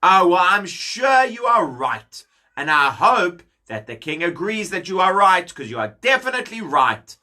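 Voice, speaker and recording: A man's voice: sits high, very animated, a little slow, bright, forceful tone, exaggerated voice. A man voicing a scheming, charming young prince in a children's story, overfriendly and gushing. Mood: soothing.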